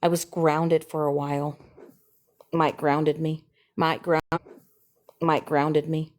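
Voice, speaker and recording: A woman chatting casually on a livestream, repeating herself and sliding from soft mutters into sudden high squeals. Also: flat delivery, takes it slowly. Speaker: TikTok live streamer. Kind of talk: casual rambling chat.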